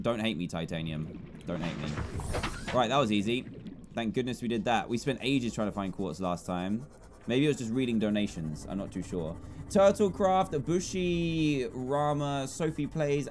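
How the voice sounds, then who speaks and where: A young man streaming a game, quickly reading out viewer names and donations with cheerful asides. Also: mid-range voice, darkish tone. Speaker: gaming YouTuber reading donations. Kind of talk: livestream gameplay commentary.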